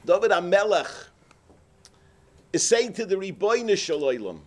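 Animated high-voiced man giving a sermon. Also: unhurried, long pauses. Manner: animated storyteller, acts out characters, cries out. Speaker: rabbi. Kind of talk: sermon with storytelling.

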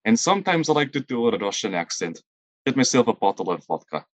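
A man answering interview questions about improv, talking haltingly and often searching for the right word. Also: mid-range voice, big pitch swings, no echo. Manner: halting, searches for words, many fillers. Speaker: improv performer, guest.

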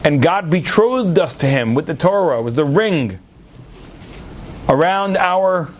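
Male rabbi, sermon storyteller: lively, playful asides, leaps up in pitch for emphasis. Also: measured pace, a little hiss or hum. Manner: animated storyteller, jokey asides, sudden high emphatic swings. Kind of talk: sermon with a told parable.

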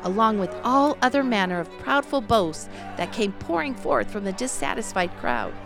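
A woman narrating a fantasy storybook in a measured, descriptive manner. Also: medium pitch, sing-song, creaky, over music.

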